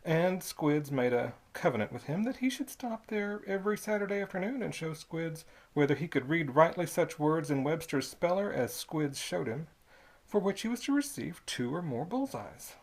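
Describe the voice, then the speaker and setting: Audiobook narrator, expressive, pitch moves a lot. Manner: measured, expressive storytelling. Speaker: audiobook reader. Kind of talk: storybook narration.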